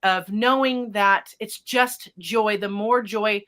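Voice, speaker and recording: This is a woman who hosts a spiritual podcast, telling stories in a lively, excitable way. Her voice is bright and forward, sitting in a mid range. She leans on words like energy and alignment as she chats. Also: medium pitch, takes it slowly. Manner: animated, excitable storytelling; spiritual vocabulary. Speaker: podcast host and psychic medium. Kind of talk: casual storytelling chat.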